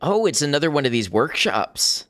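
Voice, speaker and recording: A man's voice: on the high side, very animated, normal speed, a bit bright, no room sound. A man casually commenting on his game as he plays, thinking aloud and chuckling often. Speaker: gaming streamer. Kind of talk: casual let's-play commentary.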